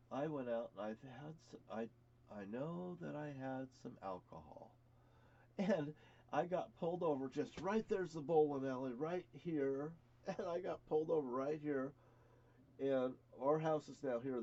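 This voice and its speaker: A man's voice: mid-range voice, dark tone, highs cut off. An older man rambling through a personal story, cursing freely and chuckling now and then.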